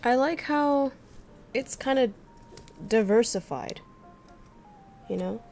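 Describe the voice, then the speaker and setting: A woman's voice: fairly high pitch, animated, takes it slowly, darkish tone, faint music behind. A young woman streaming, thinking aloud and chatting casually with her viewers as she works. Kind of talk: casual livestream chat while crafting.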